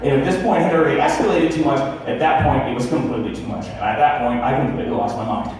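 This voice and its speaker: A young man performing a stand-up comedy set in a club, telling a story in an animated way and acting out the people in it. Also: medium pitch, very fast, noisy background. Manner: animated storytelling with acted-out quotes. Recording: echoey club audio from a far camera.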